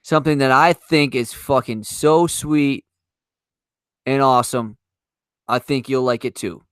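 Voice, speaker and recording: A man hosting a casual podcast, swearing often and talking in halting bursts. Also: mid-range voice, a bit bright, clear, resonant tone, no echo. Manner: swears a lot, halting with restarts. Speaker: podcast host.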